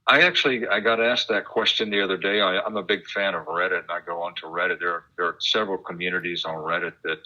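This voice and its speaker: A man talking as a guest in a casual interview, chatty and animated, explaining things at length. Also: deep voice, fast, few pauses. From United States. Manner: chatty, animated, laughs while imitating sounds. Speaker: guest, radio enthusiast and author. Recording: dull lo-fi internet call audio.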